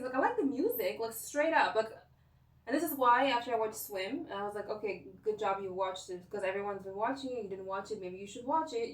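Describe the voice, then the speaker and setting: A young woman in a casual personal rant, talking in a rambling, emotional way with lots of filler words. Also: mid-range voice. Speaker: vlogger. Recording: echoey room, voice picked up from a distance.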